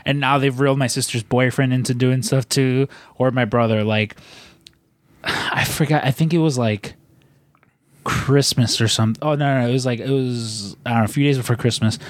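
A man's voice: mid-range voice, fairly even intonation, normal speed, dry recording, clean studio sound. A man in casual chat, rambling and swearing as he vents about family tech help. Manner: exasperated, swears often, rambling.

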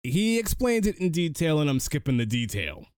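A man's voice: a little high, moderate pace, clean tone, no room sound, studio quality. Man recapping a film in casual chat. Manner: animated storyteller, frequent restarts. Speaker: podcast co-host.

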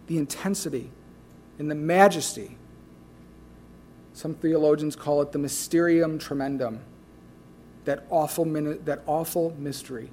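A man preaches a sermon in a high voice. He swings between loud, emphatic declarations and hushed, quiet asides. His pitch stays up for a man, and he leans hard on key phrases. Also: steady tone, unhurried, pauses often, slight background noise. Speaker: pastor.

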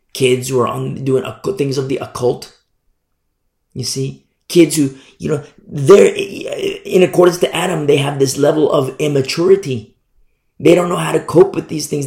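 Impassioned male pastor, gravelly, echoing hall, emphatic repetition. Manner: impassioned, emphatic preaching with big swings in pitch and loudness; repeats words for emphasis, acts out quoted voices. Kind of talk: sermon.

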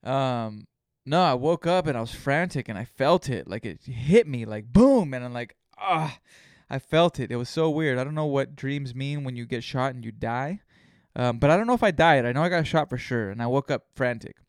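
A male solo podcast host with an expressive mid-range voice talks at normal speed, recorded studio-clean with no echo. His casual monologue rambles from story to story with heavy swearing.

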